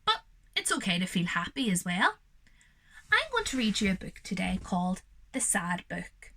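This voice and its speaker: A young woman reads a storybook aloud to small children, her bright voice rising and falling with lively expression. She explains feelings in a gentle, reassuring way, as a teacher would. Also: mid-range voice, normal speed, a little hiss or hum. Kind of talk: reading a picture book aloud to children, with explanations.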